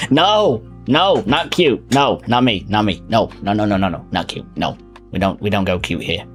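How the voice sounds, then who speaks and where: Lively chatty male streamer. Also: on the low side, normal speed, soft background music. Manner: chatty, greets viewers, laughs often. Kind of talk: casual live-stream chat.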